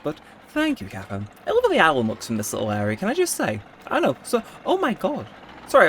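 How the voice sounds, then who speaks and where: A man giving chatty, rambling gameplay commentary, easily excited. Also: medium pitch, slight background noise. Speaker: gaming video host.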